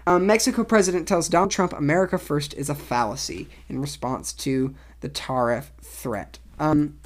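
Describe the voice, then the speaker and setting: Low-voiced woman ranting about the news. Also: moderate pace. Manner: opinionated, rambling, reads articles aloud with asides. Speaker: podcast host. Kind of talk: casual solo commentary on news.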